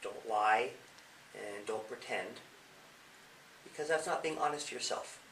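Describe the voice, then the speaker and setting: This man's voice sits on the low side and moves a little slowly, with a fairly bright tone and a touch of hiss or hum. He's a police officer offering advice to young people in an interview, using questions and acted-out examples. Sound comes from an echoey room, picked up by a mic placed far off.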